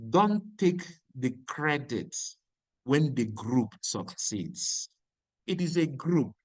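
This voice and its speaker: A man's voice: medium pitch, animated, slow pace, no room sound. A man giving a motivational lecture, emphatic and repeating key lines. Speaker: speaker.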